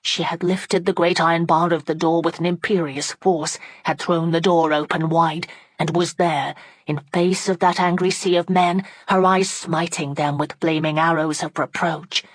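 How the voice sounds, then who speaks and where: A woman narrating an audiobook in a steady, dramatic storytelling manner on a close microphone. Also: on the low side, normal speed, dry recording. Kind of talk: scripted narration.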